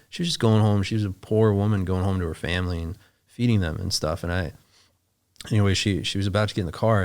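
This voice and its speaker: A man with a low, deep speaking voice recounts a story as a podcast guest. He talks casually, circles back, restarts his sentences and swears freely. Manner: rambling, self-interrupting, swears freely. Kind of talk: conversational storytelling.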